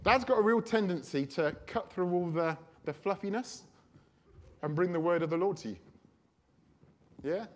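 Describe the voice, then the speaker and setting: A man preaching a sermon, telling a personal story in a chatty, animated way. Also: high voice, moderate pace, long pauses.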